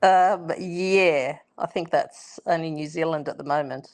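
A woman from Sydney with an Australian accent, co-hosting a casual comedy chat, exasperated and quick to swear. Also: darkish tone. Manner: exasperated, swears freely, swooping pitch. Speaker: podcast co-host.

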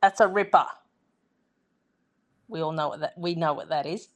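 A woman's voice: deep voice, moderate pace. An Australian woman in a casual podcast chat, playfully explaining local slang.

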